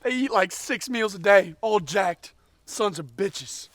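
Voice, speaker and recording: A man's voice: high-pitched, expressive, takes it slowly, fairly bright tone, no echo, voice pushed up, full character voice. A man voicing the ghost of a bellowing old male football coach who barks drill-sergeant orders. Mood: yelling.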